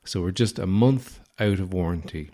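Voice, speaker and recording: Irish man, low voice, rambling, crude, self-deprecating, podcast host, comic anecdote. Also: normal speed, mellow. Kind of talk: comic storytelling.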